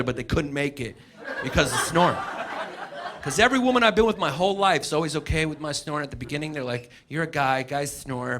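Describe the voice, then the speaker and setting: Casting note: middle-aged American comic man, high voice that swings wildly, profane and brash, on a noisy live club recording. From United States. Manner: brash, profane ranting with loud mocking impressions. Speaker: stand-up comedian. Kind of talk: live stand-up set. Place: comedy stage before a laughing audience.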